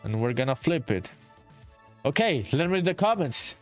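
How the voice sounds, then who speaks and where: A man chatting on a relaxed live stream while he builds his indie game, his voice sitting a bit high for a man. He reads viewer comments aloud, calls everyone dude and swears freely. Soft music plays faintly behind him. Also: normal speed. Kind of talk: casual live-stream chat while working.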